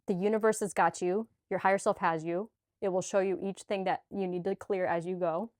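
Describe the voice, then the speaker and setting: Talking straight to camera, a woman in a heartfelt spiritual vlog gushes earnestly, sweaty and slightly choked up, restarting and using filler words. Her voice is lowish, steady, and darkish, and she talks a little fast. The sound is clean studio audio with no echo.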